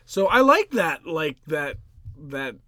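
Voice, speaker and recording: A man's voice: on the high side, takes it slowly, dry recording. A man hosting a podcast, hyping the intro and then chatting casually with his co-host. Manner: energetic announcer-style intro, then relaxed.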